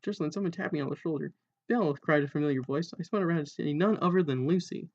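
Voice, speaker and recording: A man reads a parody novel aloud in a dry, amused way, stopping for asides. His voice sits a little high. The recording is dull and lo-fi. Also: quick pace. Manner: dry, amused, breaks into laughter at jokes. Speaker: reader.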